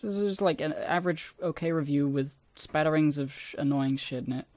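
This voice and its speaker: A man's voice: brisk, darkish tone, dry recording. Rambling, self-deprecating man with a dry sound. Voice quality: somewhat squeaky. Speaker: YouTuber reviewing his old videos. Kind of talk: casual rambling commentary.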